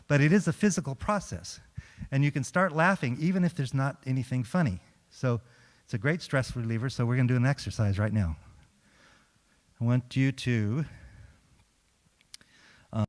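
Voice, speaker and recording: A middle-aged man, a chaplain, telling humorous stories to a congregation, acting out quotes and laughing often. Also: medium pitch. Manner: lively storyteller, acts out quotes and laughs often. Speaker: chaplain speaking at a church. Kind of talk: humorous storytelling talk to a congregation. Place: large church hall. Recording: long hall reverb.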